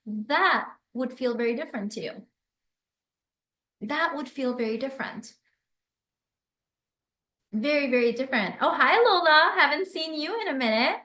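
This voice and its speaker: A woman hosting a live stream, reading viewer comments aloud and answering them in an effusive, animated way. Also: sits high, moderate pace, pauses often, echoey room. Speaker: livestream host and business coach.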